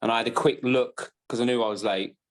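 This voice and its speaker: Man, mid pitch, co-host; casual, restarts his sentences while he tells an anecdote. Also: fairly even intonation, fast. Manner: rambling anecdote with self-corrections. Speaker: podcast co-host. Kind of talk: casual football chat.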